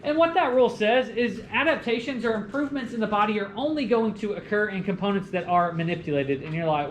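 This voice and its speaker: Young guy lecturing a class, jokey and animated, echoey room. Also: high voice, fast, few pauses. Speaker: college lecturer.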